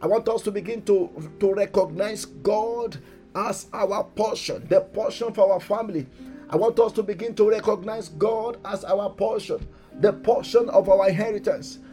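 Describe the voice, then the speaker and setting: A man preaching and leading a congregation in fervent prayer, moving between calm teaching and loud exhortation. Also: high voice, moderate pace, soft background music.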